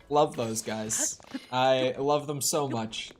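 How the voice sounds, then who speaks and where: A man's voice: medium pitch, slow pace, over music. A young man streaming a video game, talking to himself in a casual, rambling way with frequent restarts. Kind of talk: casual gameplay commentary.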